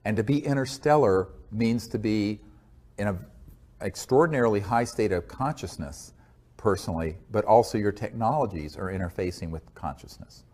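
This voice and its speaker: An American man with a low voice, answering interview questions in an earnest, measured way. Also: darkish tone. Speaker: interview guest.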